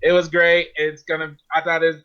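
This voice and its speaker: A man's voice: a little high, monotone, brisk, clear, resonant tone. A man co-hosting a casual chat, recapping events with enthusiasm. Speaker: podcast co-host. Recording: dull lo-fi sound.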